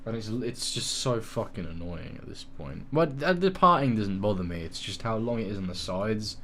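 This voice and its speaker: A man's voice: lowish voice, expressive, moderate pace, sharp tone, a little hiss or hum. A young man chatting casually on a stream at home, swearing a lot and cooing at his dog. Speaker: gaming stream co-host. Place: home room.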